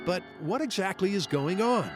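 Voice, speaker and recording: Lively male documentary narrator. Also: sits high, normal speed. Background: music.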